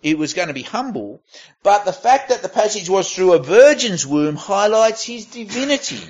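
A man preaching a sermon in a conversational way, reading scripture aloud and pausing to rephrase. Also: high voice, big pitch swings, darkish tone, muffled recording. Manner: conversational, reads scripture aloud, with pauses and restarts.

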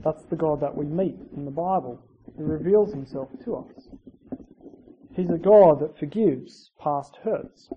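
A preacher giving a conversational sermon, using asides and rhetorical tag questions and swinging between loud emphasis and quiet, dropped phrase endings. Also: mid-range voice, measured pace. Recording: dull lo-fi recording with faint hiss.

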